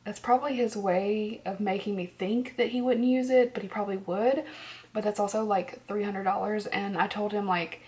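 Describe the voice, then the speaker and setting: Woman vlogger, tired, rambling home chat, slips into soft near-whispers, average pitch. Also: fairly even intonation, moderate pace. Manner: rambling, laughs often, drops to near-whispers. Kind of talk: casual chat to camera.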